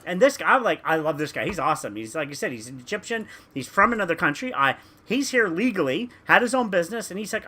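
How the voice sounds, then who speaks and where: Animated ranting talker. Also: medium pitch, fast talker, hardly any pauses. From Canada. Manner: ranting, emphatic, stumbling restarts. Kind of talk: casual podcast chat.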